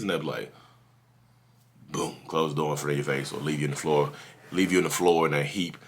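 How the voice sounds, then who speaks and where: A man hosting his own channel, talking through advice in a casual, animated monologue, repeating himself and restarting sentences. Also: extremely low pitch, a little fast. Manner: animated, repetitive, restarts sentences, acts out quotes. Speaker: YouTube channel host.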